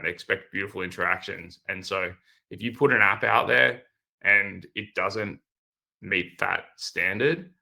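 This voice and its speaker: A man giving a relaxed conference presentation as a product manager, speaking loosely with many fillers and upbeat slang. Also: on the low side, creaky, rough recording.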